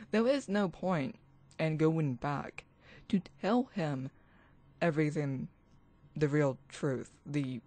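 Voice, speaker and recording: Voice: medium pitch, a little mellow. A spiritual vlogger ranting alone into a computer mic, agitated and rambling, restarting sentences and swearing. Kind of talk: ranting vlog monologue.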